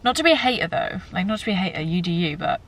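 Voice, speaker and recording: A woman's voice: on the low side, sing-song, very fast, a bit bright. A young woman with a British accent, chatting casually to her camera in a rambling vlog style. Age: young adult. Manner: chatty and rambling, frequent "like" and "genuinely". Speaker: vlogger.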